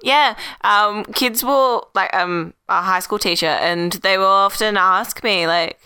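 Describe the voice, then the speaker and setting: Wanita yang bicara pelan dan jernih. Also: female voice, mid-range voice, pushed and bright, clean tone. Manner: unhurried, thoughtful, uses many fillers. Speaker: podcast guest, high school teacher. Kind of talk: casual chat.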